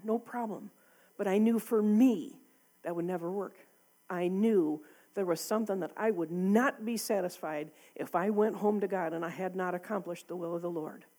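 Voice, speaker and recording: A woman's voice: medium pitch, warm tone. A woman preaching a sermon to a congregation in a church, talking candidly and conversationally, often with a laugh.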